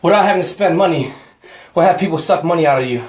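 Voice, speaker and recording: A man's voice: on the high side, quick pace, echoey room, slight background noise. A man in a casual home workout vlog, out of breath and chatty, talking to the camera and to a friend. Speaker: fitness vlogger.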